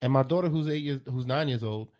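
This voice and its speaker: A man's voice: mid-range voice, fast, a little mellow. A man in his thirties co-hosting a casual talk show, telling stories in a laid-back, profane way. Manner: laid-back, profane storytelling with frequent "bro". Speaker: podcast co-host. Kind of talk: casual chat.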